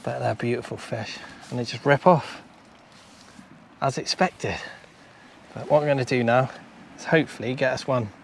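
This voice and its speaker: A British man giving chatty running commentary to viewers while fishing on a beach, excitable and talkative. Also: mid-range voice, moderate pace, creaky, slight background noise. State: out of breath. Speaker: fishing vlogger and coach. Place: outdoors on a beach. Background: faint outdoor ambience.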